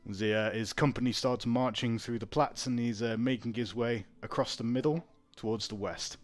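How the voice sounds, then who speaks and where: A man's voice: mid-range voice, steady tone, moderate pace. A man narrating as game master of a tabletop game, laughing often and using lots of fillers.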